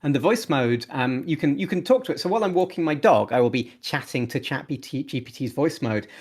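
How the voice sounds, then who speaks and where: A man's voice: mid-range voice, lively intonation, fast, a little mellow, slightly rough. A man speaking as a podcast guest, talking enthusiastically and often repeating words as he restarts sentences. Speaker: podcast guest, open source developer. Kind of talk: casual interview talk.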